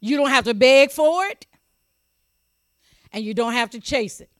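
A preacher delivers an emphatic sermon at a church service that is also streamed online, repeating key phrases and asking whether listeners are paying attention. The voice is mid-range, unhurried and a bit bright, recorded dry and clean in studio quality.

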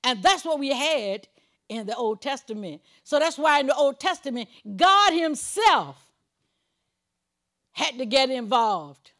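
High-voiced woman preaching a sermon. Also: sing-song, measured pace. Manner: emphatic preaching, swings between loud declarations and low asides; chuckles while preaching, conversational.

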